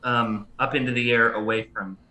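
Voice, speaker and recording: A man narrates a tabletop game as dungeon master, his voice bright and forward. He feels his way through each scene, restarting sentences and filling pauses with ums. The room around him rings with a noticeable echo. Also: mid-range voice, level tone, muffled recording. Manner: halting, full of restarts and ums. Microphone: livestream mic.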